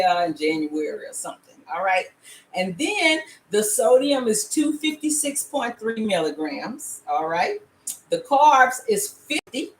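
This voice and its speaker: A woman's voice: medium pitch, reverberant. An older woman hosting a home cooking show, talking casually and playfully with viewers, checking in with them often. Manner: chatty, playful, frequent laughs and "all right?" check-ins. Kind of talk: casual recipe demonstration. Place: home kitchen. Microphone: laptop camera.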